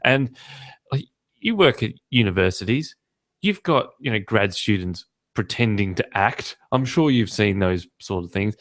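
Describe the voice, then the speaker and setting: A man's voice: on the low side, expressive, a little slow, a bit bright. A man with an Australian accent hosting a podcast, joking and ranting in casual chat. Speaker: podcast host.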